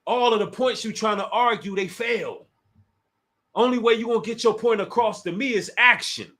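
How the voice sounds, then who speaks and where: Man from the dc area, livestream call-out, taunting and challenging, fairly high voice. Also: normal speed, bright, forceful tone. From Washington, D.C. area. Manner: taunting, challenging, talks straight to chat. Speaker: livestream host.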